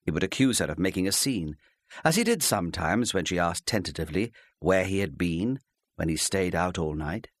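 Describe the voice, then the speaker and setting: Low, expressive male audiobook narrator. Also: moderate pace, no room sound, clean studio sound.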